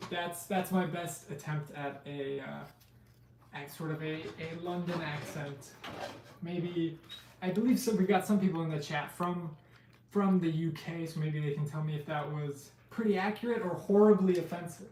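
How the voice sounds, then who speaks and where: A male live-stream host opens trading card packs in an unhurried, soft, mellow voice on the high side. He's chatty, talking to chat and listing card names aloud in casual stream talk. The mic is roomy and distant, with faint noise.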